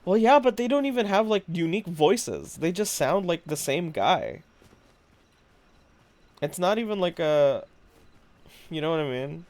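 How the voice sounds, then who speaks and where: A man's voice: a little high, expressive, a little slow, long pauses, darkish tone. A man streaming a game live, chatting casually with viewers, musing aloud and laughing often. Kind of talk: casual live-stream chat while gaming.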